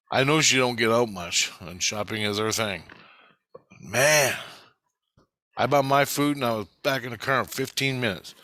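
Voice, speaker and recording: A male vlogger rambles through his own spiritual experiences in the first person, full of profanity, restlessness and constant self-corrections and restarts. His voice sits on the low side, pushed and bright, with no room sound.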